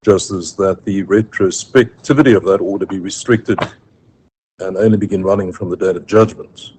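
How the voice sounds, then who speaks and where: A man with a South African accent, arguing formally before a judge in a courtroom, measured and careful, with frequent ums and self-corrections. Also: low-pitched, darkish tone, rough recording. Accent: South African English. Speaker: advocate addressing the court. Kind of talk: legal argument in court. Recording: faint room noise, live court stream.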